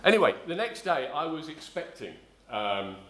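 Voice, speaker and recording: A man's voice: fairly high pitch, big pitch swings, normal speed, a bit bright, echoey room, a little hiss or hum. A middle-aged man from south-east London preaching a sermon, telling a rambling personal story with many ums and restarts. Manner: rambling, self-correcting storyteller, frequent ums.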